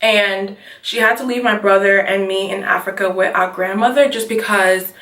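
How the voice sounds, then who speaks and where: A woman's voice: mid-range voice, steady tone, normal speed, a bit bright. Twenty-something woman rambling on her makeup vlog, slightly distant mic, echoey room. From Nigeria. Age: 20s. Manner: casual, rambling, keeps saying you guys. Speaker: beauty vlogger. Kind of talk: chatty get ready with me vlog.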